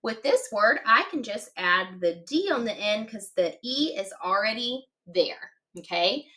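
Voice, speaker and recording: Woman teacher for early readers: bright, lively voice, unhurried, encouraging. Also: mid-range voice. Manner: patient, encouraging, spells words slowly letter by letter; cheerful praise. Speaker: phonics teacher. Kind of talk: children's reading lesson.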